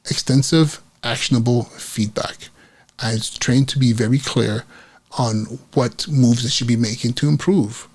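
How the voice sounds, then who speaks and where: A man's voice: mid-range voice, slightly rough. A man hosting a podcast, earnestly retelling a story from his career as an educator, acting out the quotes with frequent restarts. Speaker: podcast host, school principal. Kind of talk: personal storytelling monologue.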